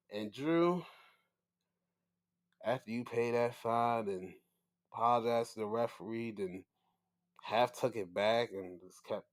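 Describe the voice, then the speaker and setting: A man hosting a casual wrestling recap show, excitable and profane, often acting out his own reactions. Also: on the high side. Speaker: podcast host.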